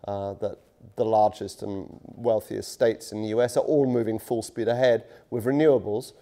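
A man's voice: medium pitch, warm tone. Chatty middle-aged man giving a lecture. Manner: conversational, self-deprecating, many fillers and restarts. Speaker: guest lecturer. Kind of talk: public lecture. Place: university lecture room. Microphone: touchy handheld mic.

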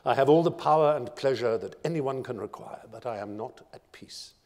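A man's voice: medium pitch, moderate pace, a little mellow, long reverb tail, natural voice. A man voicing a restless, commanding emperor. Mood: restless, imperious. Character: proud bored male emperor, commanding.

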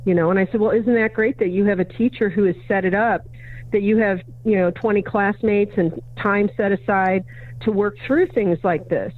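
A woman's voice: mid-range voice, steady tone, normal speed. Woman guest with phone-line sound. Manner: acts out both sides of a dialogue, plays each remembered voice. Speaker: podcast guest, educator and consultant. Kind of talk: conversational storytelling in an interview. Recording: narrow, phone-like audio of a remote interview.

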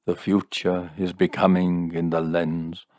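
A man voicing a grave fortune teller in an audiobook story, intoning slowly and mournfully in a deep voice. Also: flat delivery, a little mellow, no room sound, clean studio sound. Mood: solemn. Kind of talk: audiobook character voice.

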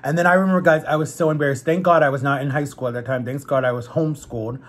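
Chatty husky young man. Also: on the high side, very fast. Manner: chatty, animated retelling with quoted voices. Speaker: vlogger. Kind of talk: casual storytelling while eating.

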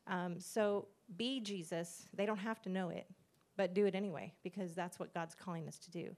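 Speaking at a normal speed, this woman has a fairly low, darkish voice and a steady tone. She is a middle-aged pastor's wife sharing an earnest, conversational church testimony, performing the lines of dialogue she quotes.

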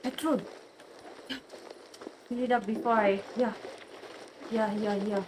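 A woman's voice: a little high, steady tone, slow pace, background noise. A woman commenting on a game as she plays, jittery and swearing, repeating words when panicked. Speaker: gamer streamer. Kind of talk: let's play commentary. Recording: loud game sound behind.

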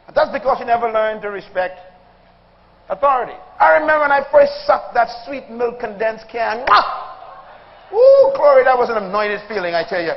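A man's voice: extremely high pitch, a little fast. A male pastor preaching a humorous sermon before a congregation, telling childhood stories, acting out voices and calling on the audience. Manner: animated storytelling, acting out voices, calls to the congregation. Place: church hall before a live congregation. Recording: dull sound in a reverberant hall.

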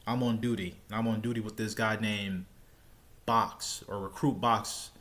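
A man's voice: lowish voice, steady tone, normal speed, a bit bright. A man telling a personal story in a casual, rambling way, often repeating and restarting his words. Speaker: storytelling vlogger.

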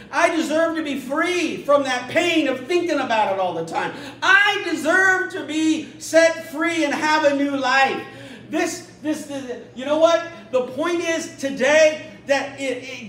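Male pastor, animated sermon delivery, high-pitched voice, echoey church recorded from a distance. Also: a little hiss or hum. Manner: animated, acts out a scripture story in little voices.

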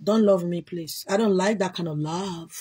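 A woman with a Nigerian accent hosting a casual livestream, answering viewer comments in an emphatic, repetitive way with loud exclamations. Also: lowish voice, moderate pace, slightly rough. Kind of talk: casual chat.

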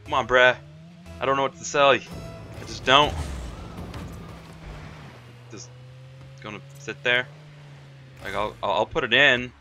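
A young man talks over his own gameplay in a bright, forceful voice, swinging from low grumbles to high, excited taunts. His pace is slow and drawn out, and faint game music plays under him. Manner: excitable, trash-talking, says "man" and "mate" a lot. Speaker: gamer. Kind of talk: live gameplay commentary.

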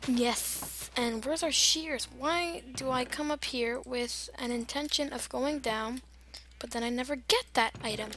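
A woman's voice: high-pitched, unhurried, a bit bright. A young woman chatting and rambling through casual gameplay commentary, giggling and wandering off on silly tangents. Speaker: gamer.

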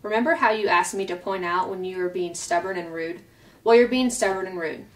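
A woman voicing a no-nonsense mother beaver who speaks in a brisk, firm way. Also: on the low side, recorded from a distance, lightly acted, low-quality recording.

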